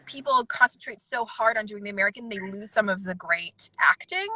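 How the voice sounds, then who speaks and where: A woman's voice: medium pitch, crowd noise, low-quality recording. A woman casting director giving candid, emphatic advice in a casual livestream chat over a video call. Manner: candid, emphatic, fast-talking with asides.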